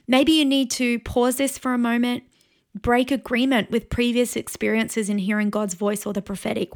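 Earnest woman pastor teaching. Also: a little high. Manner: earnest, encouraging, pauses to invite prayer. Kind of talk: teaching sermon.

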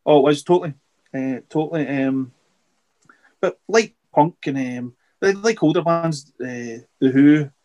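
A middle-aged man, a podcast guest, chatting casually and rambling with halting restarts and repeated words. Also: fairly high pitch, darkish tone, highs cut off. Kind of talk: casual interview chat.

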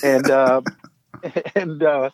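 A man's voice: medium pitch, fairly even intonation, very slow, no echo. An older man, a voice actor guest, chatting casually and telling playful stories. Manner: playful storyteller, slips into character voices. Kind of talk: casual interview chat. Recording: dry, dull lo-fi remote audio.

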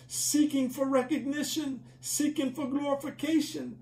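A man's voice: very high-pitched, normal speed, creaky, hardly any pauses, darkish tone. A man teaching a church Bible study in a conversational preaching manner, often repeating and restarting phrases.

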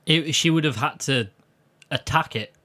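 A man co-hosting a podcast in casual chat. He makes jokey, deadpan asides. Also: on the high side, moderate pace. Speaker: podcast co-host.

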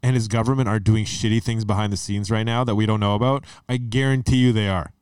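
A man's voice: on the low side, steady tone, fast talker, darkish tone, clear, resonant tone, no echo. A man from Canada co-hosting a podcast, talking in a profane, heated and emphatic way and saying "dude" and "man" a lot. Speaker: podcast co-host. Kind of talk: casual chat.

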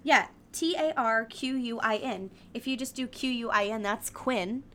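A young woman co-hosting a casual podcast about a book, giggly and quick to cut in. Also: a little high, sharp tone, a little hiss or hum. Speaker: podcast co-host.

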